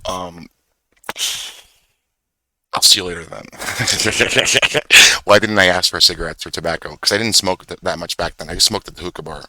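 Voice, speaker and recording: A man's voice: deep voice, pushed and bright, poor audio. A young man telling a rambling, profane story in casual chat, full of fillers and self-corrections. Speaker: vlogger. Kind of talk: rambling casual storytelling while screen-sharing.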